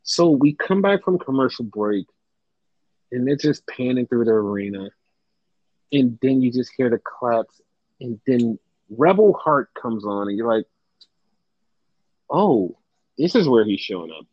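A man's voice: medium pitch, animated, unhurried, long pauses, dry recording. A young man co-hosting a casual podcast, talking animatedly, swearing often and mimicking fans in exaggerated voices. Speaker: podcast co-host. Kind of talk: casual wrestling podcast chat. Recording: dry, slightly dull podcast mic.

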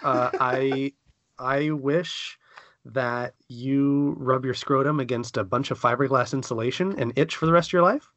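Podcast host guy, jokey and teasing, mid pitch, dry close sound. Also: measured pace, no room sound. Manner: joking, teasing, animated. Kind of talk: casual chat.

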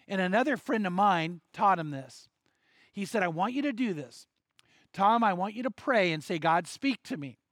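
A high-voiced man preaching and telling a long story from the pulpit, acting out each person's lines with lively shifts. The sound is dry and close, with no room echo. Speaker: pastor. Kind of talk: sermon storytelling.

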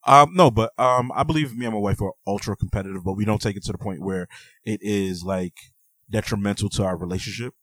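A man with a very deep voice co-hosting a podcast, relaxed and joking, with plenty of fillers. The sound is dry and close to the mic. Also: fast talker, no echo. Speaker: podcast co-host. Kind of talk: casual podcast chat and advice.

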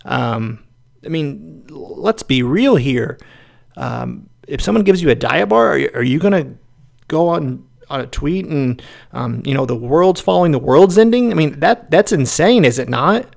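A man's voice: medium pitch, animated, unhurried, creaky. A man co-hosting a political podcast, giving casual opinionated commentary with many ums and restarts. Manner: opinionated, dismissive. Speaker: podcast co-host.

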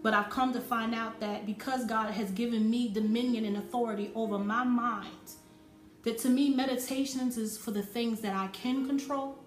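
A woman's voice: a little high, fairly even intonation, normal speed. A woman preaching a sermon, driving points home by repeating phrases with rising force. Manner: emphatic, repeating phrases for effect. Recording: roomy echo with faint music.

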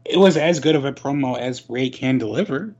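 A man co-hosts a casual chat in a mid-range voice with a husky edge. He talks in an easygoing way and hedges with "you know" and "kind of". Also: mid-range voice, a little fast, darkish tone, dull audio. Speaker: co-host.

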